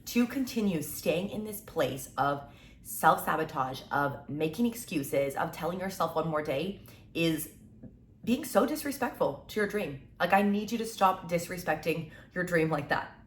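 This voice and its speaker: A woman in her twenties giving an energetic, tough-love motivational talk as a content creator. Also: on the low side, moderate pace, echoey room, slight background noise. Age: 20s.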